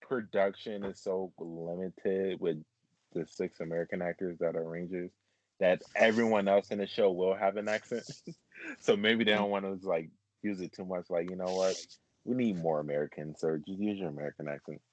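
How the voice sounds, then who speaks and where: Male host, very deep, rambling casual chat, lo-fi dull recording. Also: fairly even intonation, moderate pace, no room sound. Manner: rambling, filler-heavy, laughs often. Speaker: podcast host.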